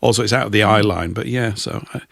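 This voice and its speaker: A man's voice: fairly low pitch, fast talker, creaky, a bit bright, dry recording. A middle-aged man from England telling rambling anecdotes in casual chat with a dry, self-mocking manner. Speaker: co-host.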